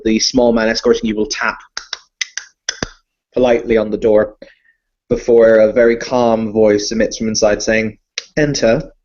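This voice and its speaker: A man's voice: on the low side, darkish tone, lo-fi sound. A man narrating as game master of a tabletop role-playing game, describing scenes theatrically and often correcting himself.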